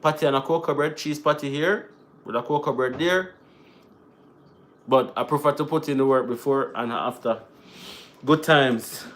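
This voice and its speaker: A man's voice: medium pitch, moderate pace, pauses often, a bit bright. A man hosting a live Q&A stream, chatting casually, laughing often and slipping into patois as he reads viewer comments aloud.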